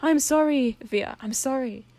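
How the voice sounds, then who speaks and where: A woman voicing a gentle demon prince father who stammers through apologies. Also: mid-range voice, normal speed, dry recording, natural voice. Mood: apologetic.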